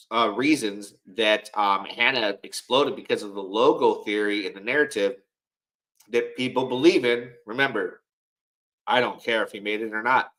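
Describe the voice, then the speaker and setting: A man's voice: mid-range voice, a bit bright, rough recording. A man talks casually to his livestream viewers. He rambles and circles back, repeating words as he goes, yet sounds frank and self-assured. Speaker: livestream host.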